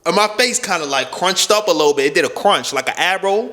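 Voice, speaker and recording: A man telling a profane, animated story in a casual storytime monologue, punctuating it with "right?" and "boom.". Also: fast talker. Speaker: storyteller vlogger. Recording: echoey room with long reverb.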